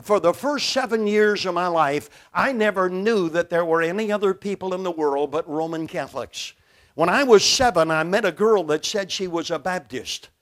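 Speaking at a moderate pace in a high-pitched voice, an older man from Brooklyn, New York delivers a pulpit sermon. He's emphatic, with dramatic shifts between loud and soft.

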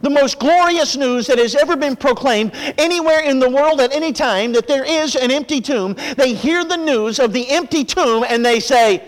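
A man preaching a sermon with impassioned delivery, praying softly and rising with fervor as he expounds Scripture. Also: moderate pace, few pauses, in a large hall. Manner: impassioned preaching, drops low for prayer. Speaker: pastor.

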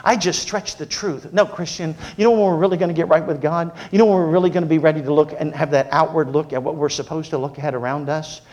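A man preaching a sermon, moving from humorous storytelling to earnest, quieter exhortation. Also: on the high side, steady tone, quick pace, hardly any pauses.

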